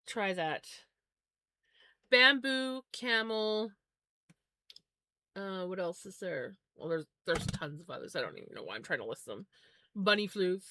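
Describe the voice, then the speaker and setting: A woman's voice: mid-range voice, sharp tone, no room sound. A woman livestreamer chatting casually and musing aloud while spinning yarn, often correcting herself.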